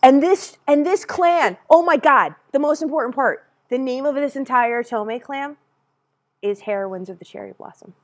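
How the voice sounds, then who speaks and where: A woman co-hosting a casual stream. She rambles in an animated way, swears freely and laughs often. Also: high voice, normal speed. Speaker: streamer co-host.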